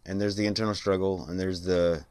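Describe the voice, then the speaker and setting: A man, hoarse and congested from being sick, rambling reflectively in a late-night solo podcast. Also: low voice, level tone, a little fast, darkish tone, no echo. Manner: rambling, reflective, many fillers. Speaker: podcast host.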